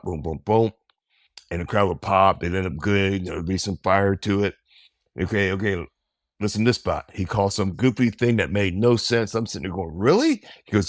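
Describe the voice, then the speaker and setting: Deep-voiced man telling old stories. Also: dry recording, studio quality. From American South. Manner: relaxed, rambling, acts out quotes. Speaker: interview guest. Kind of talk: casual storytelling.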